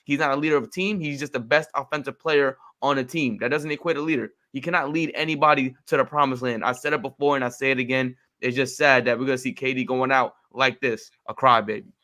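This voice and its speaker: A man's voice: mid-range voice, fairly even intonation, fast, few pauses, sharp tone. A man co-hosting a sports podcast, ranting emphatically and repeating his points in a heated debate. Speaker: podcast co-host.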